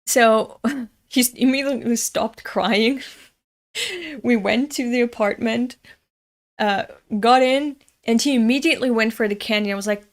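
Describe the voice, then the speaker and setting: Slow-talking chatty woman storyteller. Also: on the high side. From Europe. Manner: chatty, laughs often, self-mocking. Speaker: host reading a manga. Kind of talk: casual storytelling and manga commentary.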